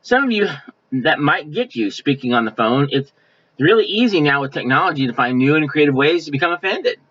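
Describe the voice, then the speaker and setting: A male pastor preaching a sermon in a folksy, conversational way, now and then mimicking offended people in quick asides. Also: a little high, animated, a bit bright. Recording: dull lo-fi sound.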